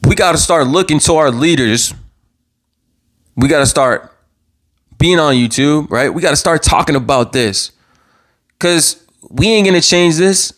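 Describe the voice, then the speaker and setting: A man hosts his own live talk stream in a heated, passionate rant. His voice sits a bit high for a man, and he keeps doubling back on words and swearing as he works himself up. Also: animated, a little slow, pauses often, a bit bright. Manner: worked up, repeats himself, swears. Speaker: show host. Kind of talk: impassioned live commentary. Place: own channel livestream.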